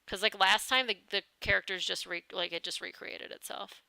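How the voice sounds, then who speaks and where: A woman's voice: mid-range voice, fairly even intonation, normal speed, vocal fry, bright, forceful tone, clean tone. A woman streaming a game, chatting casually, reading game text aloud and swearing now and then. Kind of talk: casual live-stream commentary.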